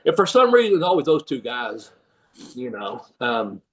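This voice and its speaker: A man's voice: medium pitch, big pitch swings, moderate pace, far from the mic, rough recording. An older man, rambling through a story in a casual interview, laughing often and acting out the people he quotes. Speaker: guest, former pro wrestler and trainer.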